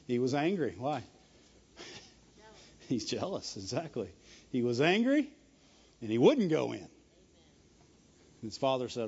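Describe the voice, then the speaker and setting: A man preaching a sermon, emphatic and animated, chuckling often between points. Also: medium pitch, slow pace, long pauses, slightly rough. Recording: dull lo-fi recording.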